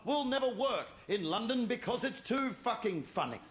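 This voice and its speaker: A man on stage doing stand-up, his voice pitched high for a man and swinging between loud shouted punchlines and quicker asides. The recording is from a live show, with crowd noise and laughter clearly heard behind him. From Australia. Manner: animated storytelling with shouted punchlines. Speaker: stand-up comedian. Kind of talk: stand-up routine. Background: audience laughter.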